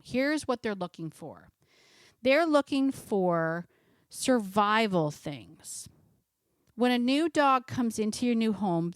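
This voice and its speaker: A middle-aged woman talks through dog training in a lively, conversational way, asking listeners question after question. Her voice sits at an ordinary pitch for a woman and is recorded dry and close, with no room echo. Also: clear, resonant tone. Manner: lively, conversational, asks many rhetorical questions. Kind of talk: casual instructional talk to camera.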